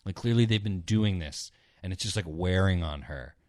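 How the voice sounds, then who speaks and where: Deep-voiced man rambling through stories. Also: moderate pace, a little mellow, dry recording, studio quality. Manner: rambling, swears a lot, acts out characters in a low mutter. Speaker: podcast co-host. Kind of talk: casual chat retelling stories.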